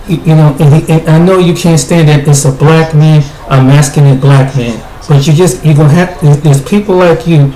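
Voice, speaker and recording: A man's voice: a little high, mellow. Blunt man ranting in an echoey room. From United States. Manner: blunt, repetitive, with frequent restarts. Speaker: video commentator. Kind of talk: casual spoken commentary. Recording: echoey room with faint noise.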